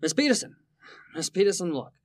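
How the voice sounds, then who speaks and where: An actor playing an exasperated, sarcastic boss in a 1940s radio sitcom, with a blustering delivery. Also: male voice, high voice, big pitch swings, fairly quick, dry recording, studio quality. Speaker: law office boss.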